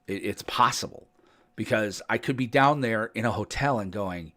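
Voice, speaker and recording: A man's voice: fairly low pitch, normal speed, bright, forceful tone. A man co-hosting a podcast in casual chat, rambling through stories and laughing often. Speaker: podcast co-host.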